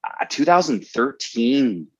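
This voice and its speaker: A man's voice: mid-range voice, big pitch swings, takes it slowly, lo-fi sound, a crowd in the background. A man co-hosting a podcast, speaking hesitantly with many fillers and restarts. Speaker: podcast co-host. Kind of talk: casual podcast chat.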